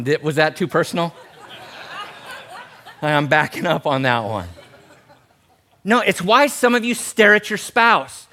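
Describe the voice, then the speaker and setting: Animated preaching man, fairly high voice. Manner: animated, humorous, shifts between loud emphasis and soft tenderness. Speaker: pastor. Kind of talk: sermon.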